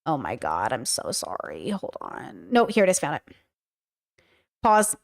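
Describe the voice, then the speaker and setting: A woman's voice: very deep voice, huge pitch swings, measured pace, gravelly. A woman hosting a casual reaction podcast, chatting with her live viewers while she scrolls and clicks through clips.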